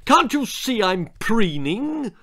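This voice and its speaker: Brief: man doing a vain, sulky storybook brat, high and dramatic. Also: expressive, a little slow, bright, forceful tone, full character voice. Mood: haughty. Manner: haughty, sulky and shrill. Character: spoiled vain shrieking teenage girl.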